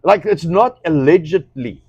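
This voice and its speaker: A man's voice: on the high side, a little slow, husky, no echo, dull audio. Blunt, swearing man, non-native speaker. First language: not English. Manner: blunt, animated, swears freely. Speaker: co-host. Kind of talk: casual livestream chat.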